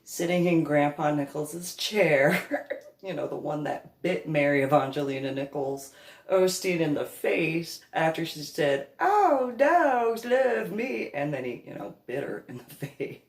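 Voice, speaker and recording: Laughing through her telling, a comedic storyteller shares an amusing personal story about her family. Her voice sits low and her pace is unhurried, with an echoey room around her.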